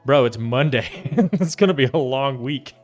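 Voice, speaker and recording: A young American man chatting casually with his stream chat while he builds a keyboard. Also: medium pitch. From United States. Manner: relaxed, chatty, reads and answers chat.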